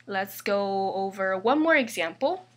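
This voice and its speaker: A woman teaching an online language lesson, patient and repeating each example slowly. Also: medium pitch, expressive. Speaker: Spanish teacher.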